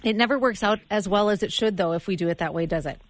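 A woman's voice: mid-range voice, quick pace, no room sound. A woman hosting an interview, asking questions and thanking her guest graciously. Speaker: interview host. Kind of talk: faith interview.

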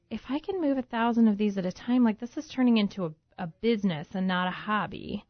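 A woman's voice: fairly high pitch, no room sound. A woman guest in an interview telling a personal story and acting out what she thought and said back then. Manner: lively storyteller who acts out her own past thoughts. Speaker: guest, home baker turned business owner. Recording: dull, muffled lo-fi sound, dry.

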